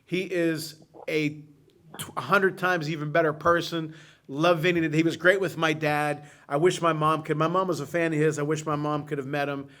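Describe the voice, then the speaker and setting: A man with a high voice hosts a casual talk show and tells long, rambling stories about an old friend. He gets emotional and laughs easily as he goes along. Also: flat delivery, normal speed, a bit bright. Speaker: podcast host. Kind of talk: casual storytelling chat.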